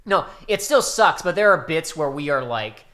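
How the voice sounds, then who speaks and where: A young man co-hosting a casual podcast chat, rambling and animated, bursting into loud acted-out quotes. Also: fairly high pitch, normal speed. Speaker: podcast co-host.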